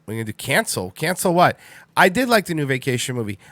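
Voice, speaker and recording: A man in his thirties rambles through casual chat as a livestream host, repeating lines and swearing without a second thought. His middle-pitched voice sits on a close mic in a dry, dead room. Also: very animated, fast talker, a bit bright, no echo. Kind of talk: casual solo stream chat.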